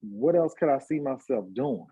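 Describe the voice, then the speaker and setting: A man in his fifties, a hairstylist and party promoter, telling his life story in a relaxed interview with lots of fillers. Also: medium pitch, moderate pace. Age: 50s. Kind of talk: casual conversational interview.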